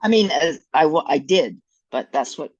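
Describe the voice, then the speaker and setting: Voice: mid-range voice, expressive, moderate pace, dull audio, soft background music. A fiddle student in a one-on-one lesson, asking curious questions and often trailing off mid-sentence.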